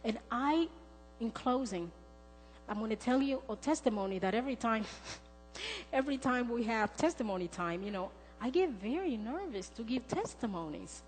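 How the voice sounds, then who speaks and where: A woman's voice: fairly high pitch, sing-song, normal speed. Woman preaching in a reverberant church. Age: middle-aged. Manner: earnest, storytelling, acts out quoted dialogue. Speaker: speaker. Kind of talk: sermon with personal testimony. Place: church sanctuary. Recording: long church reverb, faint music.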